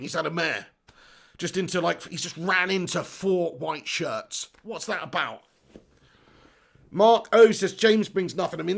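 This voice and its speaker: Over a phone microphone, a man with a high, slightly bright voice and vocal fry hosts a live football watch-along. He commentates on the play and reads out chat comments, exasperated and swearing casually as he rants at his own team.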